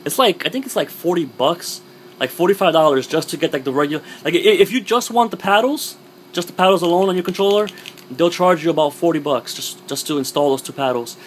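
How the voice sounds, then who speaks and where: A young man who is losing his voice, casually reviewing his game controller in a rambling, relaxed way with lots of fillers. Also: a little high, fairly quick, slight background noise. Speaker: gaming vlogger.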